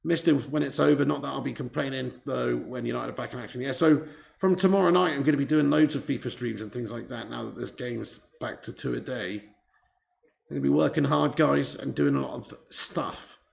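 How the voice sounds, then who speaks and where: Gravelly-voiced man streaming live football. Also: mid-range voice, a little fast. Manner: excitable, swears, reads viewer chat aloud. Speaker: watch-along streamer. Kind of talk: live football watch-along chat.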